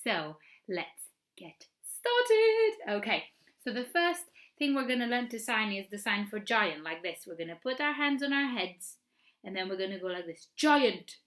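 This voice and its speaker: A woman's voice: medium pitch, lively intonation, fairly quick, pushed and bright. A woman presenting a children's story time, teaching signs for the story in a playful, encouraging, sing-song way.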